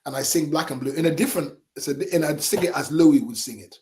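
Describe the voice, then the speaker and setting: A middle-aged man, a singer and entertainer, telling stories as a radio guest in a lively, animated way with chuckles. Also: fairly high pitch, fast talker. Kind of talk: casual interview storytelling. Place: radio studio.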